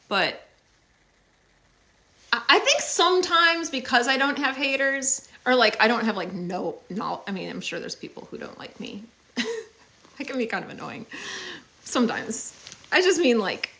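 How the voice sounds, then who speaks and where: A woman's voice: a little high, sing-song, normal speed, creaky, pauses often, sharp tone. A young woman hosting a casual livestream on her phone, chatty and upbeat as she thanks viewers, with many fillers. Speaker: livestream host.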